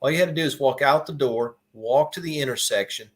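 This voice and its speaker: Man hosting a casual interview, relaxed, laughs along, middle-pitched. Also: fairly quick. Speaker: interview host.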